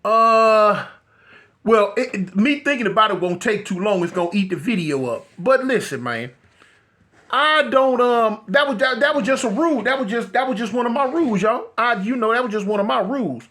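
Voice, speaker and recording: A man vlogging a casual street story in a slangy, animated way, talking straight to his viewers. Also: high-pitched, moderate pace.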